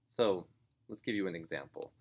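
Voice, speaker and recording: A man teaching parents, explaining child behavior gently and acting out a parent and child as he goes. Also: sits low, creaky. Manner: slow, gentle, acts out parent and child voices. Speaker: family sign language teacher.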